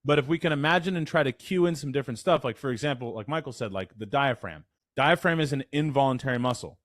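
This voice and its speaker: A man leading a voice workshop on a video call, talking in an energetic, casual, coaching way. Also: mid-range voice, fast, no room sound, clean studio sound. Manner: energetic, chatty, demonstrates with his voice. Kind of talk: casual instructional talk. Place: online call.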